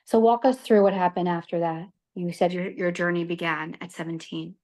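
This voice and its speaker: A woman host interviewing a guest, soft-spoken and sympathetic. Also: lowish voice, steady tone, normal speed.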